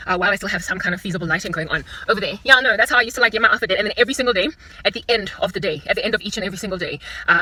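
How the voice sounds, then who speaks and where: A South African woman vlogging from inside a parked car into her phone camera, talking in an animated, dramatic and joking way. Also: mid-range voice, low-quality recording. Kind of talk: casual talking-head vlog.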